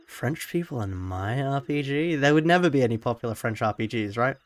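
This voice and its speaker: A man's voice: mid-range voice, lively intonation, a little fast. A man streaming a game and reading it aloud, cracking jokes between the lines. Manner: joking asides. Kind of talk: let's play commentary. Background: game music.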